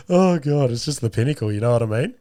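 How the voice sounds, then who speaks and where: A man's voice: medium pitch, expressive, brisk, creaky, warm tone, no room sound, clean studio sound. A man in his thirties with a strained, sore throat, rambling through a profane, self-mocking story as a podcast host. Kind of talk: casual storytelling monologue.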